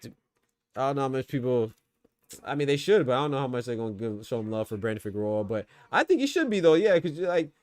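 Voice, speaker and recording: A man's voice: mid-range voice, sing-song, fairly quick, dry recording. A man hosting a boxing podcast, giving loose, slangy live fight commentary and talking to his chat.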